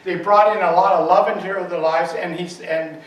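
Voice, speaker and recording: A male minister telling a story in his talk, animated and full of fillers, at a spiritual center. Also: high-pitched, moderate pace. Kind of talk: sermon storytelling. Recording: echoey hall, far from the mic, faint noise.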